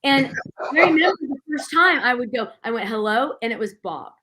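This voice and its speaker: A middle-aged woman speaking as a guest on a Christian talk show, telling stories in an animated way and acting out the voices she quotes. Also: on the high side, fairly quick.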